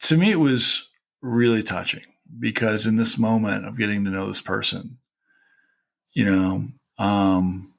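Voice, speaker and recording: Low gravelly man telling a heartfelt story. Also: fairly even intonation, a little slow. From Kentucky. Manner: rambling, heartfelt, many "you know" fillers. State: tearful at times. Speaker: historian host. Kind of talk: personal storytelling.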